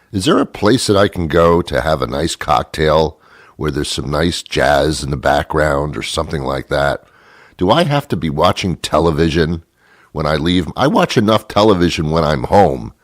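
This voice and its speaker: A man's voice: fairly low pitch, no room sound. A middle-aged man hosting a talk show, delivering an exasperated comic rant full of rhetorical questions into a studio mic. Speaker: radio show host.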